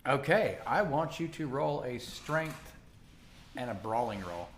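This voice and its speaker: An expressive male game master narrates a tabletop session and explains the rules. His pitch sits in a middle range but rises and falls constantly as he tells the story. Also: measured pace, slight background noise.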